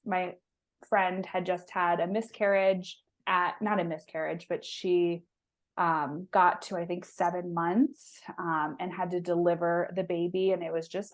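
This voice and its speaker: Woman, thirties, low-pitched, chatty, emotional, many restarts, interview guest. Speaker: guest, holistic health practitioner. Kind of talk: casual interview storytelling.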